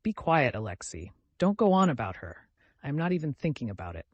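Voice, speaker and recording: A man's voice: medium pitch, sing-song, fairly quick, breathy edge, no room sound, muffled recording. A male narrator voicing a tormented, irritable young man who speaks sharply and angrily. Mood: bitter. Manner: sharp, angry outbursts.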